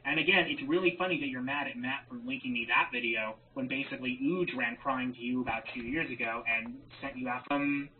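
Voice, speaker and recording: A man's voice: mid-range voice, steady tone, fairly quick, hardly any pauses, crowd noise. A man in a played video clip, sarcastically taunting an opponent and mocking his anger. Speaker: rival video maker. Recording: tinny phone-like sound with faint noise.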